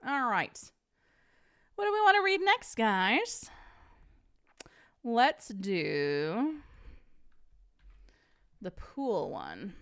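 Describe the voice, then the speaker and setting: A woman's voice: mid-range voice, wildly swooping pitch, drawn-out words, pauses often, a bit bright. A woman hosting a casual live-streamed podcast, chatting with viewers and reading a story aloud, laughing often.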